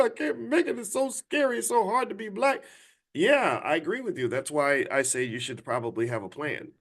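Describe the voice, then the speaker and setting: A man in his fifties, host of a live-stream talk, who speaks to his viewers in an emphatic, preachy way and jumps up into a high mocking voice now and then. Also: fairly bright tone. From United States.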